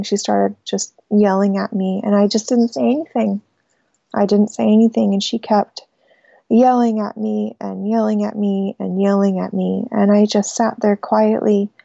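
Halting young woman caller, gravelly voice. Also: medium pitch, warm tone, no room sound, dull audio. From United States. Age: young adult. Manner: halting, hesitant storytelling with restarts. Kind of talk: call-in personal story.

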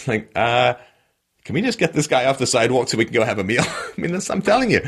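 A man's voice: medium pitch, sing-song, fast, husky. A man giving a solo political commentary in a sarcastic, mocking way, with frequent laughs.

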